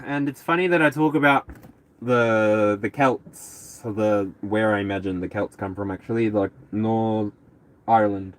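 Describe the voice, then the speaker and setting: A man's voice: lowish voice, measured pace. A man hosting a live tarot reading stream, chatting casually with viewers, rambling and laughing often. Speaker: tarot reader.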